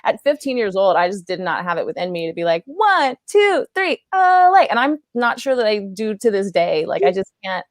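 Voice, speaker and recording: Young woman comic telling stories, bounces into squeaky put-on voices, laughs a lot, dry close sound. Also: fairly quick, hardly any pauses, no room sound. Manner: animated, acts out quoted voices in a high chirpy tone, laughs often. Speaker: comedian guest. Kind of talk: casual podcast chat with storytelling.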